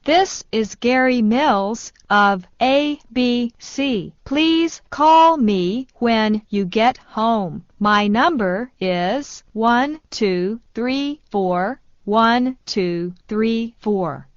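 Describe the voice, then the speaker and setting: Slow, clear woman, slightly high, reading English phrases for learners. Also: no echo. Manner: slow, even repetition of each phrase. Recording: dull dry studio sound.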